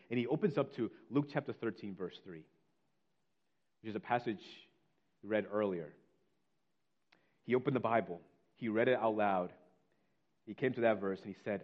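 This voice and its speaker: A man preaching a sermon, reading scripture slowly and telling a story with earnest feeling. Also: mid-range voice, animated, husky, highs cut off. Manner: earnest preaching, slows on scripture, drops to near whisper. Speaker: pastor.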